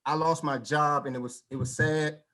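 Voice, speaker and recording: A man performing a stand-up comedy set at a virtual show, telling stories with lively mimicked voices and casual vernacular speech. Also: fairly high pitch, normal speed. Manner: animated storytelling with mimicked voices.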